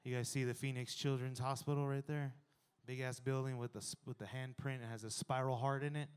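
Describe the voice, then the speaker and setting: A man in his thirties performing a stand-up comedy set, animated and jumping to loud exclaiming in the acted-out bits. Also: mid-range voice, a little fast, clean tone. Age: 30s.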